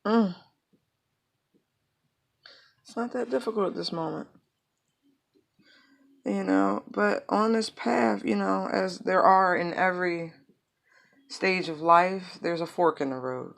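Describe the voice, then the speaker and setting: A woman with a low, deep speaking voice gives a relaxed tarot reading. She wanders off on tangents and fills her talk with loose asides. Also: slow pace, gravelly, long pauses. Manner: rambling, lots of fillers and asides. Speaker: tarot reader. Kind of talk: casual spoken tarot reading.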